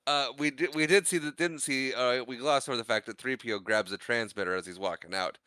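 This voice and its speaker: A man's voice: medium pitch, fairly quick, clear, resonant tone, dry recording. A man co-hosting a podcast, recapping a film in casual chat and acting out lines in funny voices. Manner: animated, acts out quotes in funny voices. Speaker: podcast co-host.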